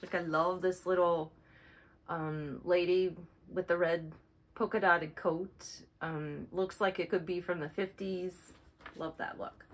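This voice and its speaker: A woman's voice: lowish voice, steady tone, takes it slowly, poor audio. A woman hosting a casual show-and-tell video, chatting in a rambling way and correcting herself as she goes. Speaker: flosstube host.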